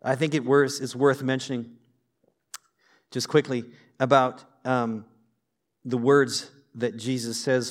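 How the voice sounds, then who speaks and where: A man preaching a sermon in a conversational, lively way, with personal stories and light humor. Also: medium pitch. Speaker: pastor.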